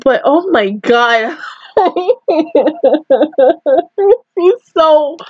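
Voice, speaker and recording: Gushing teary woman, high lively voice. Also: muffled recording. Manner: gushing, emotional, swears often. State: teary, close to crying. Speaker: anime reaction reviewer. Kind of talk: casual reaction commentary.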